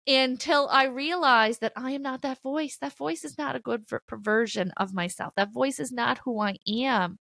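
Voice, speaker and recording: A woman's voice: a little high, moderate pace, gravelly, a bit bright, no room sound, clean studio sound. A woman hosting a podcast and giving an earnest, emphatic motivational spiritual talk. She repeats key phrases and swears bluntly in a casual way. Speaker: podcast host.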